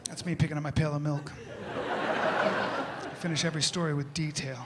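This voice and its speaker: Man, comic monologue, high pitched voice, animated, shouty character bits, noisy background. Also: normal speed. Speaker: comedian. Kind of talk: stand-up style comic monologue.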